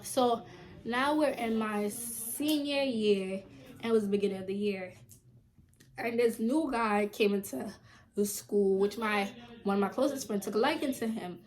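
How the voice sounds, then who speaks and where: A young woman vlogger casually telling a story to her camera, chatty and animated, full of "like". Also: a little slow. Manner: chatty and animated, heavy use of "like", jumps high when quoting people. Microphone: camera mic at home, filming herself.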